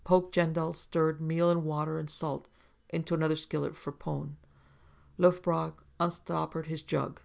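A man narrating an audiobook story in a measured, descriptive way. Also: on the high side, level tone, vocal fry, darkish tone.

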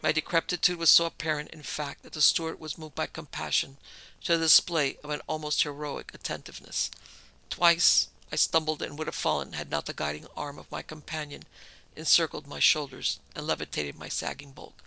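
A man reading a horror story aloud as narrator, in a measured, tense storytelling manner. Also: fairly high pitch, little pitch movement, gravelly, sharp tone, rough recording. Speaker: narrator and producer.

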